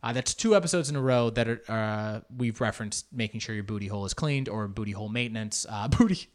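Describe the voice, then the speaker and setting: A man hosting a casual solo podcast, talking in an animated, joking and profane way and slipping into Spanish words. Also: on the low side, fast. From Argentine family background. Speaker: podcast host.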